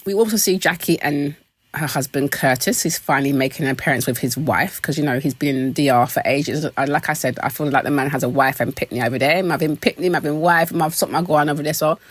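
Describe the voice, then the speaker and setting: A British woman hosting a casual, gossipy recap of a reality show, animated and quick to laugh. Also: husky, dry recording. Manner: animated, laughing, expressive pitch jumps.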